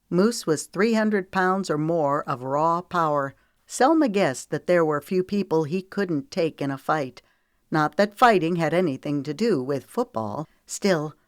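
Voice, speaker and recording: In a dry, clean studio recording, a woman with a low voice reads an audiobook. Her storytelling is even and measured throughout.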